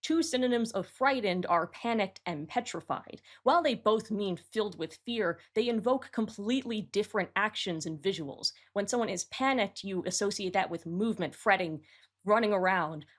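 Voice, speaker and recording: A woman's voice: medium pitch, animated, moderate pace. A woman hosting her own channel, giving matter-of-fact, analytical commentary as she reworks song lyrics. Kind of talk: explanatory commentary to camera.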